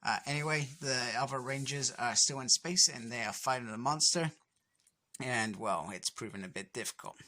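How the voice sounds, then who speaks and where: A young man talks through a comic book issue in a loose, rambling recap. His voice is bright and forward, and he keeps circling back with fillers as he goes. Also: mid-range voice, moderate pace. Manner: rambling, filler-heavy retelling with "anyway".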